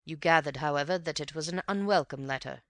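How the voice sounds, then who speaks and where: A woman's voice: deep voice, fast talker, no echo, studio quality. A woman voicing a male coroner who asks short, formal questions.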